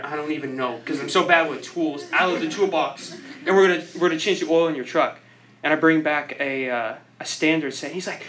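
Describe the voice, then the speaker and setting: A man's voice: fairly high pitch, moderate pace, a bit bright, slight background noise, rough recording. Rambling young man giving a speech. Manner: rambling, self-deprecating, laughs often; heavy use of "like" filler. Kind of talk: informal speech.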